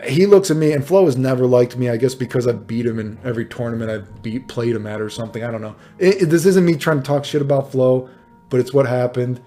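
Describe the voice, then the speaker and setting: A man casually telling an old tournament story, swearing a lot and padding it with "dude" and "right?". He acts out the exchanges in exasperated, raised bursts. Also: medium pitch. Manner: profane, animated, full of fillers like "dude" and "right?". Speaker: fighting game player telling tournament stories.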